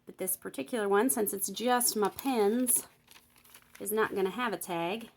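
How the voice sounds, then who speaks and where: Woman walking you through bible lettering, chatty, thinks out loud, keeps asking "all right?". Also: medium pitch, normal speed, gravelly, a little hiss or hum. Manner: chatty, thinks aloud while working; explains step by step, checks in with "all right?". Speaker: Bible journaling teacher. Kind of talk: casual craft tutorial.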